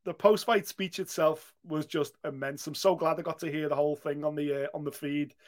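A man's voice: on the high side, steady tone, a little fast. A British man co-hosting a sports podcast, chatting casually and animatedly, swearing freely and acting out quotes. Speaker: podcast co-host.

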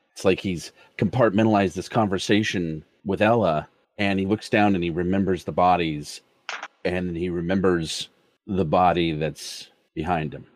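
A man playing a tabletop game, slowly narrating what his character does. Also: low voice, a little mellow, dry recording. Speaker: player.

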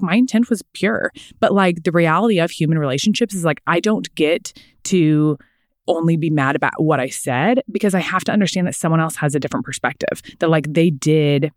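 A woman's voice: low-pitched, no room sound, clean studio sound. A young woman, a mother of small children, talking earnestly in a casual faith podcast and filling her speech with "like". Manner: earnest, frequent "like" fillers. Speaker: podcast co-host.

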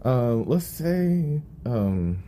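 A man's voice: mid-range voice, sing-song, very slow, dark tone, slight background noise. A man co-hosting a podcast, chatting casually, joking and laughing often while drinking champagne. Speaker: podcast co-host. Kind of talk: casual chat.

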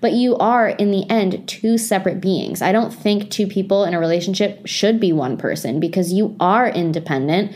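A young woman chats straight to her viewers in an ordinary middle-pitched voice and gives relaxed lifestyle tips. Her talk is loose and conversational, full of "like" fillers and self-aware asides. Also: moderate pace, hardly any pauses. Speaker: lifestyle vlogger. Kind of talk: casual advice talk to camera.

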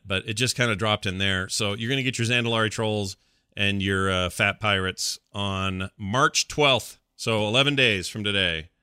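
A man's voice: sits low, sharp tone, clear, resonant tone, no echo, studio quality. A middle-aged man hosting a podcast, chatting casually and ranting with playful exasperation. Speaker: podcast host. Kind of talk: casual chat.

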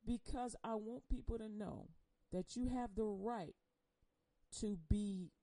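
A woman giving an impassioned personal testimony on air. She speaks emotionally and bluntly, swinging between loud outbursts and hushed confession. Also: medium pitch, takes it slowly, no room sound, low-quality recording. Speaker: churchgoer sharing a personal testimony.

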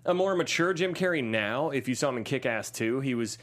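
Animated, jokey male podcast host. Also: medium pitch, brisk. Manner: animated, jokey, acts out quotes, swears casually. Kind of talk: casual chat about a movie.

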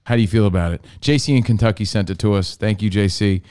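A man's voice: fairly low pitch, fast talker, a little mellow, clear, resonant tone. A man co-hosting a casual radio talk show, wry and joking, sometimes drawing out his words. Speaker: co-host.

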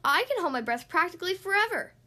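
Hyper little duck girl, high-pitched and shouting, boastful, voiced by a woman in a storybook. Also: lively intonation, normal speed.

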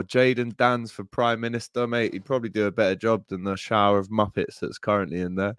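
Deep-voiced guy on a podcast, chatty and excited, keeps saying mate, dry sound. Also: fairly quick, hardly any pauses, clean tone, no room sound. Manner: enthusiastic, heartfelt, peppers speech with "mate" and "bro". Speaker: podcast co-host. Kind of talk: casual chat. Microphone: podcast microphone.

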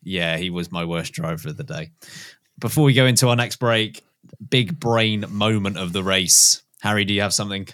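Bright-voiced podcast host. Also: male voice, lowish voice, moderate pace. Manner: steers segments, wry. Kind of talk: casual chat.

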